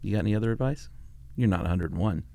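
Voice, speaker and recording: Middle-aged male podcast co-host, easygoing and chatty, low voice, dry studio sound. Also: very fast, creaky, dark tone, no room sound. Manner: easygoing, laughs often. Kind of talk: casual chat.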